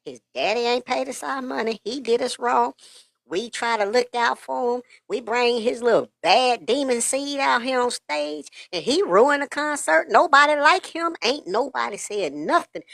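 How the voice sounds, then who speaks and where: A man's voice: very high-pitched, expressive, normal speed, gravelly, fairly bright tone, no echo, studio quality, pitched above the performer's own voice, heavily acted. A man voicing a fed-up woman singer who scolds and gossips backstage. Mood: annoyed.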